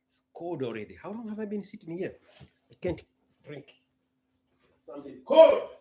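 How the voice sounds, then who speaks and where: A man's voice: a little high, big pitch swings, moderate pace, pauses often, warm tone, breathy edge. A young man hosting a casual live stream, playful and theatrical, chatting and joking with himself.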